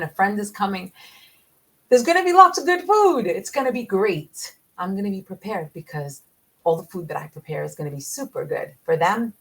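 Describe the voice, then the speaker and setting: A woman's voice: on the low side, vocal fry. A woman vlogger talking casually to camera, chatty and encouraging, often laughing as she gives tips straight to her viewers. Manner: animated, with frequent laughs. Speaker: vlogger sharing carnivore diet meal-prep tips.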